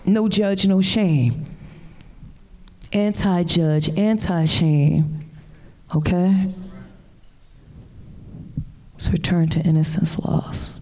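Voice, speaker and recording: Slow, chanting spoken-word woman. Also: fairly low pitch, steady tone, mellow. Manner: rhythmic, chant-like delivery that breaks into loose, profane banter. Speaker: poet and co-editor. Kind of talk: spoken-word poetry performance at a live event.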